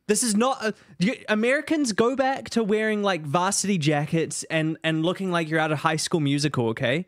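Rambling, animated man streaming a game. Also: high voice, brisk, few pauses, dry recording, clean studio sound. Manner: rambling, animated, talks to chat. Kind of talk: casual gameplay commentary.

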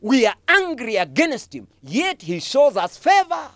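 A Kenyan English-accented man preaches with emphatic, repetitive phrasing. His pitch rises and falls dramatically, and the recording is dry, with little room sound. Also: huge pitch swings, measured pace, fairly bright tone, dry recording. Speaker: pastor. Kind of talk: sermon.

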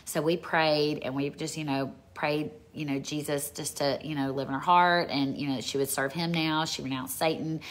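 A woman's voice: sits low, steady tone, normal speed, few pauses. A woman minister telling a story casually, gushing and rambling with lots of fillers.

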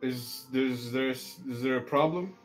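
A man's voice: mid-range voice, unhurried, soft background music, low-quality recording. A man playing in a tabletop game, chatting casually and speaking politely in character. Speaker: player.

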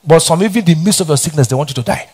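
A man's voice: on the high side, lively intonation, very fast, darkish tone, slightly rough. A middle-aged Nigerian man preaching a sermon as pastor, repeating lines and tossing questions back to the congregation. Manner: preaching with call-and-response questions and repetition. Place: church hall.

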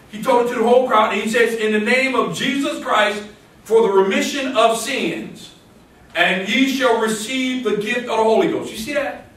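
A high-pitched male preacher delivering a sermon, his voice climbing to emphatic bursts as he quotes scripture. He is heard from a distance in a very echoey church sanctuary. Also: fairly bright tone. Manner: rising to emphatic exclamations, quoting scripture, call-and-response. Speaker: pastor.

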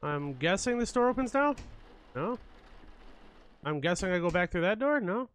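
A man's voice: sits high, very animated, moderate pace, a bit bright, clean tone. A man commentating a horror game as he plays, jumpy and swearing a lot, joking through his fear. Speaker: let's play gamer.

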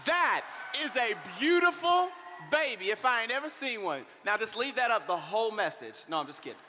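A young man preaching a lively sermon, praying and then joking with the congregation as he tells stories. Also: very high voice, a little fast, raised voice, slight background noise. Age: young adult. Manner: animated storytelling, prays then jokes with congregation. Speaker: pastor. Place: large church hall. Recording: live church hall with long reverb.

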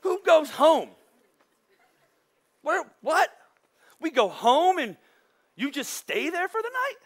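A man's voice: very high voice, sing-song, slow. A man preaching a sermon as pastor, in a casual, joking way that acts out the voices of his listeners. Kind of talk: conversational sermon.

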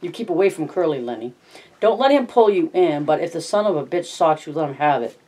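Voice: medium pitch, expressive, fairly quick, a little mellow, breathy edge. A reader voicing a worried, protective male ranch hand who talks bluntly and urgently in an audiobook reading. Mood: firm.

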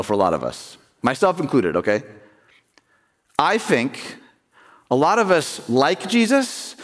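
Conversational pastor in a reverberant church. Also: male voice, on the high side. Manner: conversational, asks the congregation questions. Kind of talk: sermon. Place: church sanctuary.

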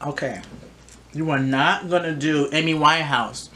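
Her deep voice moves at a moderate pace, pushed and bright, with faint music in the background. As a reaction vlogger, she gives casual, sassy commentary on a TV singing show, answering the screen directly.

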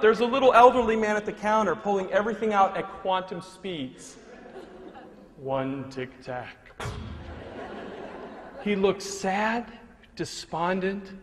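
Animated high-voiced male motivational speaker. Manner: animated and humorous, swings between loud punchlines and hushed moments. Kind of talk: live motivational speech with storytelling. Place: large hall before a live audience. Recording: long reverb of a large hall, faint noise.

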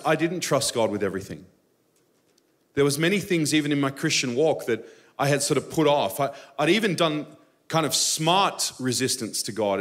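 A man preaching a live Sunday sermon in a church, moving between personal stories and emphatic high bursts. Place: church sanctuary during a live service.

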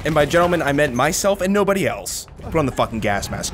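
A young man giving jokey, profane commentary while playing a shooter game, swinging between yells and mutters. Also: on the high side, sing-song, fast talker, few pauses, a crowd in the background. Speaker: gaming video host. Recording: game gunfire loud under voice. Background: gunfire and battle noise from the game.

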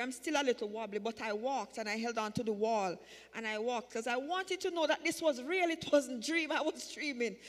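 A woman's voice: a little high, in a large hall. A woman telling her personal testimony at a church service, in a repetitive, emphatic way that builds in fervor. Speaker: church member giving a testimony. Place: church sanctuary.

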